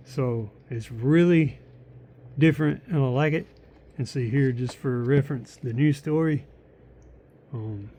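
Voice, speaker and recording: A man's voice: fairly high pitch, creaky, warm tone. A tired man chatting casually to camera about his new book, rambling with lots of likes and restarts.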